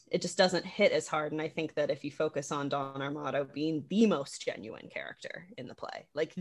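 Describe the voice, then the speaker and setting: Low-voiced woman chatting animatedly about theater. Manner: animated, laughs often, many fillers and restarts. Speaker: theater practitioner discussing a production. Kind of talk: casual conversation about a play.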